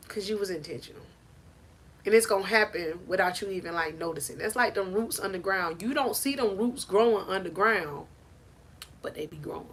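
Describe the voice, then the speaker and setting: A woman life coach gives a motivational faith talk on a live stream. Her talk is preachy and animated, and it often rises to near shouting. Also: medium pitch, fairly quick, breathy edge.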